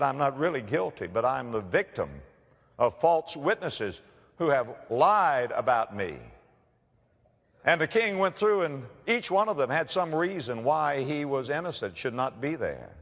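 A man preaching a sermon, telling stories and rising to loud emphatic declarations. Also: mid-range voice, big-room sound. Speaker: pastor.

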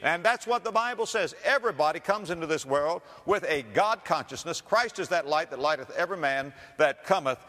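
A pastor preaches in a dramatic sermon style, his pitch rising and falling over a wide range as he leans hard on key words. His voice rings out with a long hall reverb around it. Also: animated, fairly quick, hardly any pauses, a bit bright.

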